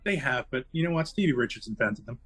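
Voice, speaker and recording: A man's voice: mid-range voice, lively intonation, fast talker, a bit bright, husky. A man co-hosting a podcast, giving a jokey, hyped-up plug and urging listeners like a preacher. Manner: hyped, mock-preachy exhortation. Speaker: podcast co-host.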